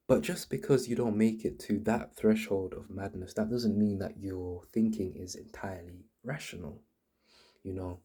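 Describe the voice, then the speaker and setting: A man's voice: lowish voice, fairly even intonation, normal speed, dark tone, breathy edge. A man hosting his channel, explaining in a casual, earnest monologue full of restarts and repeated words. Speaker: channel host.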